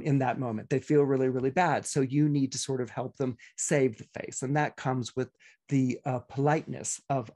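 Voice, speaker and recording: A man's voice: on the high side, a little mellow, slightly rough. A middle-aged man, an astrologer, talking casually on a podcast with many restarts and playful asides. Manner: chatty, many restarts and acted-out quotes.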